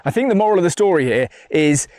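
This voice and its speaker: A man's voice: high voice, animated, fast, a little mellow, no room sound, clean studio sound. A man delivering blunt, combative video commentary.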